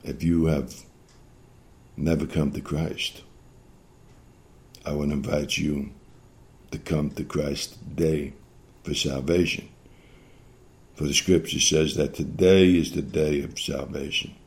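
A man delivers an earnest sermon, repeating phrases as he urges his listeners. His voice sits low and carries a gravelly rasp. The tone is dark and mellow. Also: fairly even intonation, takes it slowly, long pauses. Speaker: preacher.

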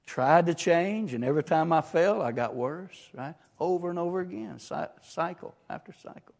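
A man's voice: fairly high pitch, moderate pace, darkish tone. A man preaching a sermon and sharing his own testimony. He speaks emphatically and keeps checking in with "right?" and "amen?". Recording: long reverb from a large hall.

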